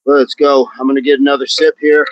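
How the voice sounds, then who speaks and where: A man's voice: medium pitch, level tone, brisk, dry recording, muffled recording. A man hosting a live outdoor workout on a hill, exercising as he talks, counting down reps and greeting chat viewers by name. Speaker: fitness livestream host.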